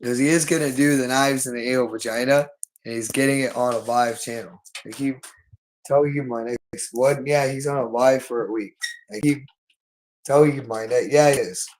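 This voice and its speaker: A man's voice: medium pitch, fairly even intonation, moderate pace, a little hiss or hum, rough recording. A man talking alone on a livestream, repeating himself insistently. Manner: repetitive and insistent. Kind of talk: unscripted livestream monologue.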